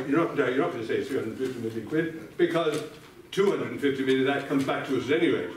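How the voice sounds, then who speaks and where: A man's voice: medium pitch, far from the mic, slight background noise. Older man debating in an echoey hall. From Ireland. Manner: sardonic, addresses opponent directly by name. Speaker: debate speaker. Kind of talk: formal debate speech. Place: large debating chamber indoors.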